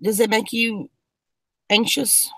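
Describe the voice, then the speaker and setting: A woman's voice: a little high, level tone, takes it slowly, no room sound. A woman chatting on a video call who teases the others and laughs often. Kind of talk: casual chat.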